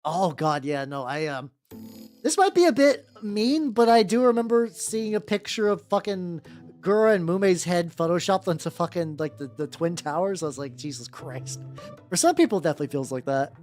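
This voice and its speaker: A man's voice: a little high, lively intonation, normal speed, darkish tone. A man streaming casually while he paints miniatures. He rambles, swears freely and often restarts his sentences. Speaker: VTuber streamer. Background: faint background music.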